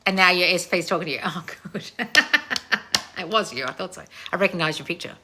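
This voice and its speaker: A woman in her thirties, a channel host reading viewer comments in a loud, blunt, casual way and swearing freely. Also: on the low side, fairly quick, background noise. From family of Croatian heritage. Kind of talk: casual live chat.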